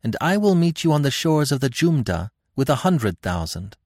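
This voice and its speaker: A man voicing a proud, poised young royal woman in a calm, confident manner, in an audiobook reading. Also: mid-range voice, moderate pace, no echo, studio quality.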